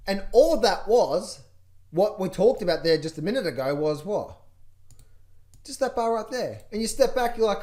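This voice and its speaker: A man's voice: high-pitched, lively intonation, normal speed, darkish tone. A man coaching traders through charts, talking to viewers with energy and lots of repetition, sometimes mimicking panicked traders. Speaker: trading coach. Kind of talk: chart walkthrough, direct to viewers.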